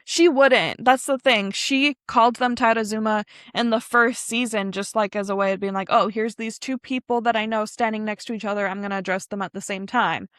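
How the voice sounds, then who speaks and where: A woman's voice: a little high, steady tone, a little fast, hardly any pauses, fairly bright tone, no room sound, studio quality. A woman co-hosting a podcast, chatting casually and animatedly about an anime episode, rambling with fillers and laughter. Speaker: podcast co-host. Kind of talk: casual anime recap chat.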